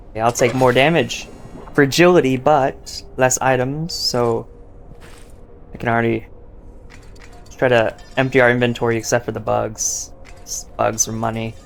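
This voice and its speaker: A young man talks through his game in a loose, rambling way, full of fillers and mock bragging. His voice stays flat and even in pitch, at a middle register. A faint hiss of noise sits under the recording. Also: gravelly. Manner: joking, boastful, rambling with many fillers. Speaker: gaming YouTuber. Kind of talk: casual gameplay commentary.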